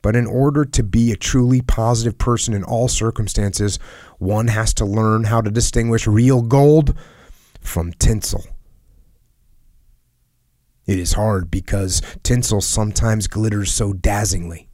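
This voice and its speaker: A man reading a personal letter aloud in a solemn, earnest and measured way, sometimes dropping to a hush. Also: fairly low pitch, fairly even intonation, no room sound, studio quality. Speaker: reader of a letter.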